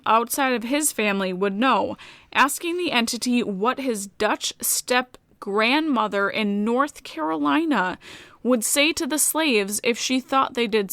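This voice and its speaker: A woman's voice: a little high, pushed and bright, no echo. A woman co-hosting a podcast, casually retelling a folklore story from her notes, with fillers and swearing. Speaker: podcast co-host.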